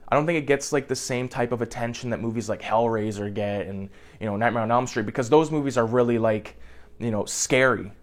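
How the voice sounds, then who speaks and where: A man's voice: mid-range voice, fairly quick. A young man casually recapping a movie plot in a rambling way, swearing freely and filling his speech with "like". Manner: rambling, profane, heavy on "like" fillers.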